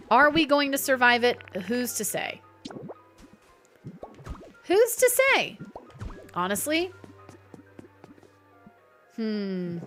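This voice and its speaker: A woman streams a game live, chatting casually, reading her viewers' messages aloud and joking back at them. Her voice is on the high side, pushed and bright.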